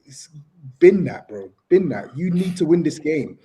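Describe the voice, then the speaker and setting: A podcast co-host argues hard in a heated football debate, talking over others and insistently repeating himself to finish his point. His voice sits on the high side, sing-song and warm, and he speaks unhurriedly.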